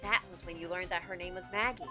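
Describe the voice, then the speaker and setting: A woman's voice: lowish voice, steady tone, quick pace, lightly acted. A woman voicing an earnest young male defense lawyer in a video game, steadily explaining, with game music behind.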